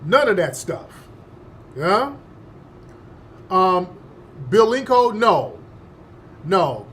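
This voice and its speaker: A man's voice: high voice, sing-song, takes it slowly, a bit bright, slight background noise. A male host giving opinionated political commentary in an emphatic, slangy, scoffing manner.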